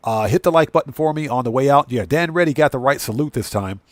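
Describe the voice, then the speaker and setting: A man's voice: medium pitch, fast, no echo. A man hosting a casual gaming live stream, chatting with viewers and thanking them at length. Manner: laughs easily while signing off.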